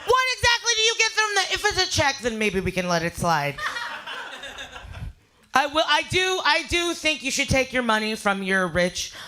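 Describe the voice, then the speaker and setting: A woman doing a stand-up comedy set, brash and profane, telling a story with loud voiced asides. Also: high-pitched, very animated, moderate pace, noisy background. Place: live fundraiser show.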